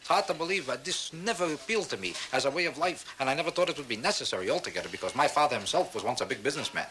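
A man doing a stand-up routine, with deadpan, mock-serious bragging to a laughing audience. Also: medium pitch, racing, background noise. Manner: deadpan boastful delivery with mock-serious asides. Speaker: stand-up comedian.

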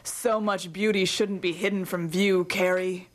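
A woman voicing a brooding, seductive romance hero in a slow, hushed murmur. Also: mid-range voice, steady tone, natural voice.

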